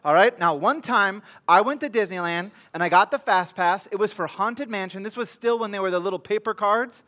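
A man's voice: high voice, fairly quick, pushed and bright. A middle-aged man preaching a sermon, telling a funny story with comic asides to his congregation before reading scripture. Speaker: pastor.

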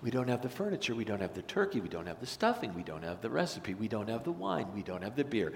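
A man preaching a sermon as pastor, animated, swinging from loud, energetic lines to hushed ones. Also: fairly low pitch, fast talker, creaky, noisy background. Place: church sanctuary. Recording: long reverb of a church sanctuary.

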